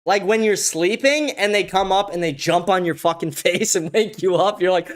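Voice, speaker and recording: A man's voice: high voice, moderate pace. A man hosting a livestream, chatting casually in a loose, profane, rambling way and laughing often. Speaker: livestream host.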